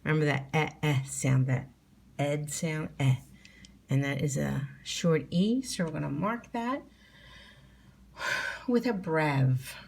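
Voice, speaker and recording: A middle-aged woman teaches young children to spell from home, speaking slowly and patiently as she sounds out each letter. Her voice sits low with a gravelly edge. She repeats words and breaks them into sounds for little learners. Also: darkish tone.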